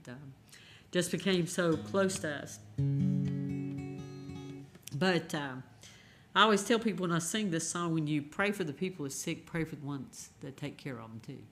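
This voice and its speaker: Gentle singer-songwriter telling a story. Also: mid-range voice. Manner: folksy, gentle, unhurried with many pauses. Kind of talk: storytelling between songs. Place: live songwriters' round at a radio station.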